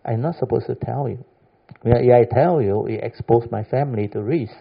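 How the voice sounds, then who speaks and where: Man, Dhamma teacher, husky voice, emphatic chatty delivery, dull lo-fi recording. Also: mid-range voice, moderate pace. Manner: keeps asking "understand or not?", emphatic and chatty. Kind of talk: informal Dhamma talk with questions.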